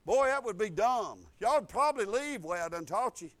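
High-voiced folksy preacher. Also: male voice, expressive, fairly quick. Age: 50s. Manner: folksy, repeats phrases, rising to loud declarations. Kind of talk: sermon.

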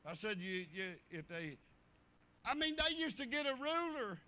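A man's voice: very high voice, sing-song, moderate pace, sharp tone. A middle-aged man preaching a sermon in a folksy way, repeating himself and acting out stories.

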